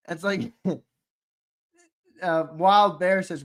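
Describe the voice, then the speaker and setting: A man hosting a sports live stream in a loose, joking way. He laughs easily and chats with viewers as he reads their comments. His voice sits a little high for a man. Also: steady tone, slow pace, pauses often, sharp tone, clear, resonant tone. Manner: laughing, playful, reads chat aloud. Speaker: podcast host. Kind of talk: casual live-stream banter.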